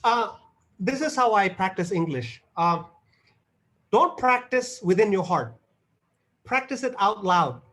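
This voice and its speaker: A man's voice: sits high, animated, a little slow, pauses often, fairly bright tone. A man casually giving advice on practicing English in a group video call.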